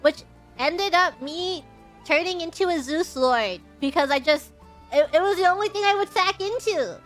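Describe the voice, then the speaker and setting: A woman's voice: extremely high pitch, normal speed, fairly bright tone, faint music behind. A woman streaming a game, chatting casually in a rambling, giggly, self-mocking way. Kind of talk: casual chat.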